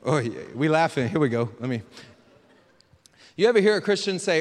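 A man's voice: a little high, animated, brisk, pauses often, long reverb tail. A man preaching a casual, joking sermon as pastor and calling on the crowd for amens. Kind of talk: lively sermon.

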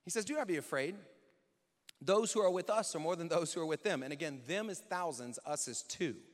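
Animated high-voiced man preaching. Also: a little fast. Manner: animated, conversational preaching with acted-out quotes. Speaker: pastor. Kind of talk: sermon. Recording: reverberant hall.

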